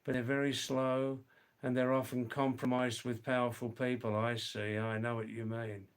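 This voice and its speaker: A middle-aged man hosting a livestream, reading viewer comments aloud and slowly, gently correcting their English. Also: mid-range voice, flat delivery, clear, resonant tone. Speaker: livestream host.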